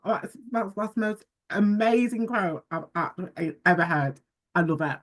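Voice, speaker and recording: A man hosting a podcast, interviewing a guest in a warmly encouraging, effusive way. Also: high-pitched, measured pace. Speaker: podcast host. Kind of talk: casual interview.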